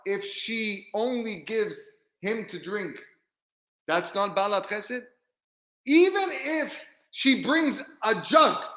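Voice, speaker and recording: A man, a rabbi, teaching a weekly Torah class in a lively way, acting out bits of dialogue and often repeating words. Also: sits high, echoey room, low-quality recording. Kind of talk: Torah lesson.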